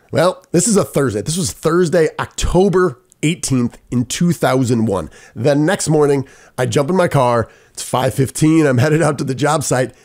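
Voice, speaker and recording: A middle-aged man, hosting a podcast and telling a personal story with lively quoted dialogue. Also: mid-range voice. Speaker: podcast host. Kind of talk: storytelling monologue.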